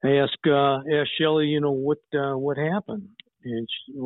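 A man's voice: mid-range voice, steady tone, unhurried, no room sound. A man in his sixties, a private investigator, telling case stories in a blunt, rambling way. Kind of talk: casual interview storytelling. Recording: tinny phone-like line, dry.

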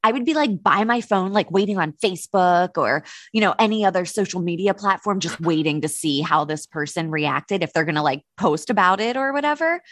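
A woman co-hosting a podcast, telling stories in a lively, casual way, swearing and laughing often. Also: fairly low pitch, a little fast, hardly any pauses, slight background noise. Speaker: podcast co-host. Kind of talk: casual chat.

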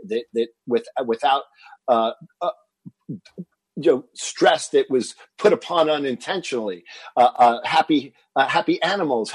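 A man's voice: medium pitch, husky, no echo, rough recording. A man telling a personal story as a podcast guest, acting out what his family said. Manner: animated, acts out quoted family dialogue.

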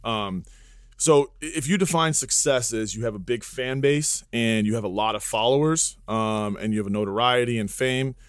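A man's voice: medium pitch, normal speed, no echo, clean studio sound. A man who is a podcast guest and fitness entrepreneur, talking in a blunt, joking way with plenty of asides in casual chat.

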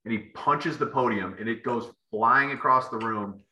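Bright-voiced man telling stories in an echoey room. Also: mid-range voice, normal speed. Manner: rambling, full of fillers and restarts. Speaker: podcast guest, former football player. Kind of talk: casual storytelling interview.

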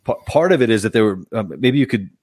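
Man, podcast host, low voice, nasal from a cold, dry sound, chatty, hesitant. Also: lively intonation, quick pace, darkish tone, dry recording. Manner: chatty, apologetic, hesitant with fillers. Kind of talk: casual live interview.

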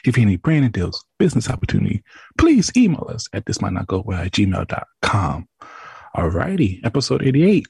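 A man co-hosting a casual podcast in a put-on low sultry voice, laid-back and slangy, laughing often. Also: sing-song, fairly quick, gravelly, darkish tone, slightly rough, no echo. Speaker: podcast co-host.

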